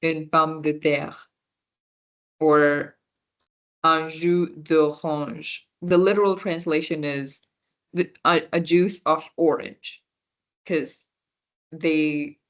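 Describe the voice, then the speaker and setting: With a low, steady voice, a slow pace and long pauses, a young Punjabi-background woman teaches a beginner French workshop. She patiently walks students through the material and checks their understanding.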